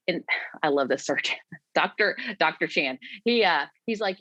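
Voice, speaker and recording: A Florida woman in her forties talks fast in a lowish voice, candidly telling her story in a casual interview as a guest. She acts out what she and others said, quoting herself in lively voices. The recording is dry, dull and lo-fi, with no echo.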